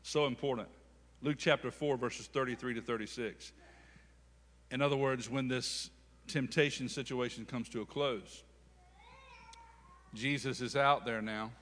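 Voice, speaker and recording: A man's voice: mid-range voice, pushed and bright, big-room sound. A man preaching a sermon with call-and-response, speaking. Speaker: pastor.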